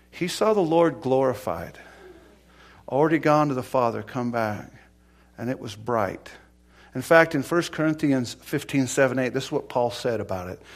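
Emphatic preacher with a lively voice. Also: male voice, mid-range voice. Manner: emphatic, swinging between quiet and loud; repeats words for emphasis. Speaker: pastor. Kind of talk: sermon.

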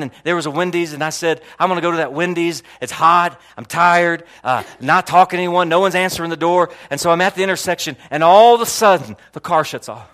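His voice a little high, a Florida pastor preaches and relates a personal experience in lively fashion. Words get repeated often, and he alternates between loud passages and hushed ones.

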